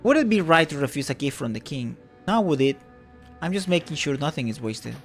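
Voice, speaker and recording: A man's voice: a little high, big pitch swings, fairly quick, faint music behind. A man doing a wary, defensive poor woman.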